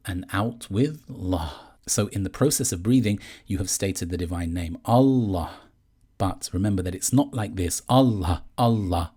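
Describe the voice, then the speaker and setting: A man calmly explaining a meditation practice step by step, in a measured teaching manner. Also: low-pitched, slightly rough. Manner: calm, measured, gently explaining. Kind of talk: guided instruction on meditation.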